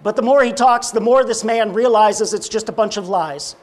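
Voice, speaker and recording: A man preaching, telling a parable and acting out its dialogue, often dropping low and quiet. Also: normal speed. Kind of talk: sermon storytelling.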